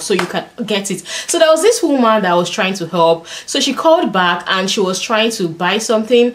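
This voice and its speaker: A woman's voice: fairly high pitch, expressive, fairly quick, hardly any pauses. A woman with a Nigerian accent, chatting casually to camera as a lifestyle vlogger and explaining things with examples.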